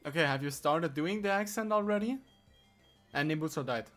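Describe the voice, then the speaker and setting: A man's voice: a little high, animated, brisk, a bit bright, soft background music. A man live-streaming a game, teasing and swearing at his AI helper with exasperated laughs. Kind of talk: live-stream gaming chat.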